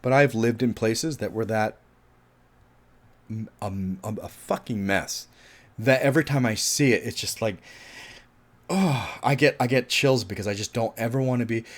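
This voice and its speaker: A man giving a casual, rambling film review. He swears freely, laughs, and trips over his words as he goes. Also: medium pitch. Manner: rambling and animated, swears often, laughs, restarts a lot.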